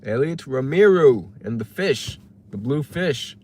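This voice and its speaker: A man's voice: mid-range voice, expressive, unhurried, darkish tone, breathy edge. A man casually chatting on a livestream, musing and reading chat messages aloud from his parked car. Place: parked car while waiting for delivery orders.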